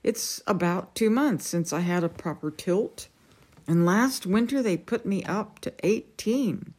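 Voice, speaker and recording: A woman's voice: mid-range voice, unhurried, a little mellow, slightly rough. Woman doing a flustered old storybook king. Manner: fussy, blustering, stammering.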